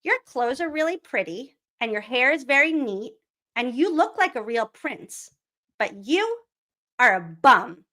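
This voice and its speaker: A woman's voice: sits high, big pitch swings, a little slow, pushed and bright, voice pushed up, exaggerated voice. A woman voicing a plucky young princess in a storybook read-aloud, sweetly sarcastic. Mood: sly.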